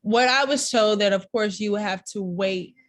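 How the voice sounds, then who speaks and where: A young woman student, asking questions in an anxious, rushed way. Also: medium pitch. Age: young adult. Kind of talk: classroom question.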